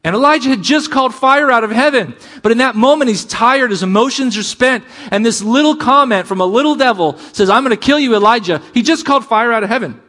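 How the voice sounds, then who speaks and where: Delivering a sermon, this middle-aged pastor speaks in a very high-pitched voice at a brisk clip with few pauses. He's animated, alternating loud emphatic moments with hushed asides.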